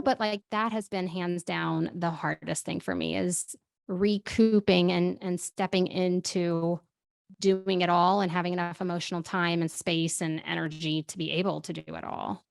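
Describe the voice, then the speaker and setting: A woman hosting a conversational podcast interview, animated and quick to get heated. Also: lowish voice, creaky. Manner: animated, speeds up and swears when heated. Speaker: podcast host.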